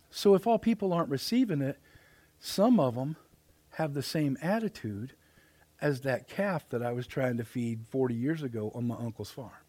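A middle-aged male pastor delivers a sermon in a church, his voice sitting fairly high for a man. He talks in plain, folksy words and shifts between loud emphatic declarations and soft, hushed asides. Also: expressive, normal speed. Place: church sanctuary.

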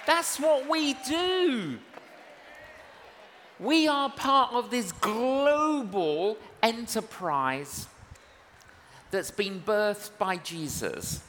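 A male evangelist preaching a sermon in a church service, earnest and unhurried, acting out dialogue in his stories. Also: sits high, lively intonation, a bit bright, some chatter behind. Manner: slow, earnest, acts out dialogue in anecdotes. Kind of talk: sermon with storytelling. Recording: reverberant church hall with faint noise.

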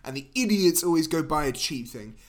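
A man's voice: on the high side, expressive, a little fast. A British man co-hosting a podcast, talking casually and playing up a mock-salesman bravado for laughs. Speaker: podcast co-host. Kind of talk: casual comedic chat.

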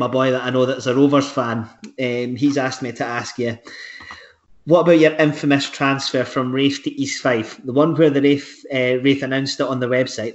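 Host guy reading questions, ums, kinda muffled sound. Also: medium pitch. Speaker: podcast host.

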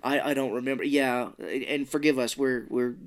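A man's voice: medium pitch, fairly even intonation, moderate pace. An American man co-hosting a podcast, casually retelling a film's plot in a loose, rambling way. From United States. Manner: rambling retelling of scenes with quoted voices. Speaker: podcast co-host. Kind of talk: casual movie recap chat.

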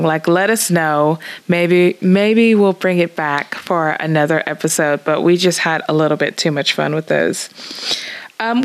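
A woman co-hosting a casual podcast, chatty and animated, laughing often between remarks. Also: lowish voice. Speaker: podcast co-host. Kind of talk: casual chat.

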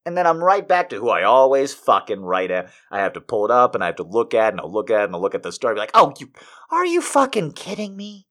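A man hosting a podcast rants his way through a casual monologue. His voice swings widely in pitch, falling to low mutters and then jumping up into loud outbursts. He swears freely as he talks. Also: quick pace, hardly any pauses. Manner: animated and ranting, swearing, swings between mumbling and shouting. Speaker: podcast host.

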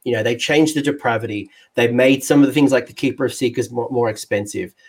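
A man with an Australian accent hosting a casual podcast chat as a tabletop game coach, jokey and excitable. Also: medium pitch, fast, husky.

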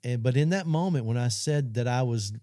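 A middle-aged man delivers earnest personal testimony on a Christian talk show, addressing viewers directly. He speaks briskly in a mellow, medium-pitched voice, and the recording is dry and studio quality.

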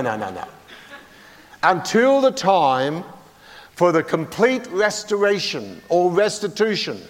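A man's voice: on the high side, in a large hall. An older man preaching a sermon in a folksy, humorous way, often putting questions to the congregation.

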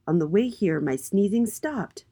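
A woman's voice: mid-range voice, lively intonation, unhurried, warm tone, breathy edge, voice pushed up. A woman voicing Miss A, a polite young letter girl in a children's storybook.

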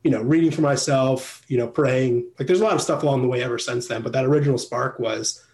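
A young man, a guest in a casual interview, talking in a rambling way full of fillers and quick laughs. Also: mid-range voice, darkish tone.

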